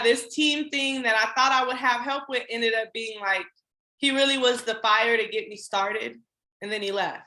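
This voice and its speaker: A bright-voiced woman in her thirties tells her story as a podcast guest, candid and animated, slipping into quick voiced asides. Her voice rings in an echoey room. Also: medium pitch. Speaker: podcast guest, trucking business owner.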